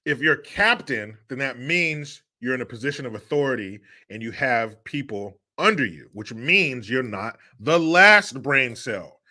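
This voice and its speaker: Bright-voiced joking male streamer. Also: medium pitch, expressive, unhurried, few pauses. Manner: joking, sarcastic, laughs often. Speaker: livestream host reading viewer donations. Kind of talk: casual livestream chat.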